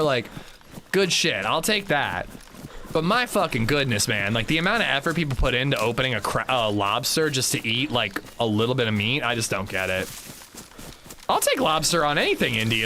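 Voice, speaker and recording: Slight background noise sits under this young man's sharp voice, which is on the high side. He's livestreaming a video game, chatting loosely and profanely with viewers and responding to what they type while he plays.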